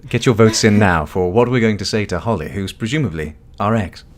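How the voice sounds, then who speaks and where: A man's voice: lowish voice, brisk. A man hosting a live text adventure stream, swearing and laughing often as he talks. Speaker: streamer host. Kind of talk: live game-play commentary.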